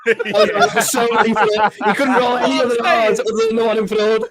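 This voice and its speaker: Sardonic high-voiced man chatting. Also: fairly even intonation, brisk, a loud crowd. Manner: swearing, laughing, sardonic. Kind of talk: casual football chat.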